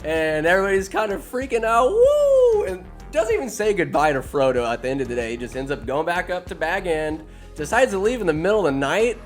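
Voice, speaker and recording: A male podcast host retells a film in a crude, rambling, irreverent comedy style. His voice sits a little high for a man, and faint music plays underneath. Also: animated, fast. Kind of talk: comedic movie recap.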